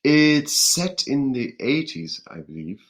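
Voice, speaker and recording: A man from Ireland, a podcast guest in casual chat, talking in a measured, hesitant way. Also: medium pitch, very animated, fairly bright tone.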